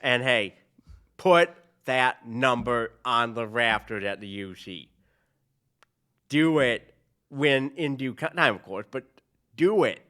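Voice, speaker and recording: A man co-hosting a casual sports chat show, easygoing, with quick asides and long run-on sentences. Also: medium pitch, pushed and bright. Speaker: sports podcast co-host.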